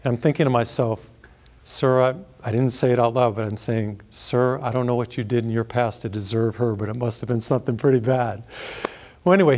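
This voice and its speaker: A man's voice: medium pitch, darkish tone. Man preaching a chatty story sermon. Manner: conversational, chuckling storyteller. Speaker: priest.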